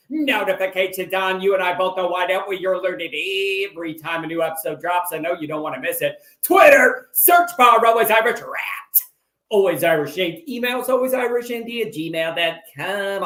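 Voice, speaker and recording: A man hosting a call-in sports show, talking in a loud, excitable, rambling way. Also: sits high, reverberant. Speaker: host.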